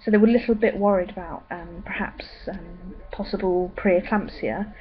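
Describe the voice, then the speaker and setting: A woman's voice: fairly low pitch, steady tone, moderate pace. Woman, young, chatty and rambling, dull lo-fi audio. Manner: chatty, rambling, many ums. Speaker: vlogger. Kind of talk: casual pregnancy update vlog.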